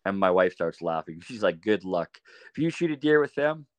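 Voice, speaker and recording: A man on a podcast as a guest, telling animated anecdotes in a casual way and laughing often. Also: low-pitched, normal speed, no echo. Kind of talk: casual storytelling.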